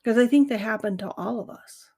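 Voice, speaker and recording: A woman's voice: fairly high pitch, a little fast, warm tone. A middle-aged woman hosting a grief podcast, talking candidly and earnestly in a reflective monologue. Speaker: podcast host. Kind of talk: casual monologue.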